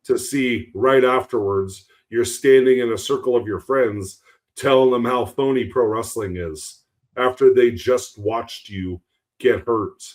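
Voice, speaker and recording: A man's voice: medium pitch, unhurried, darkish tone. A man co-hosting a podcast, telling a story in an earnest, rambling way. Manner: earnest, rambling, with many restarts. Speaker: podcast co-host.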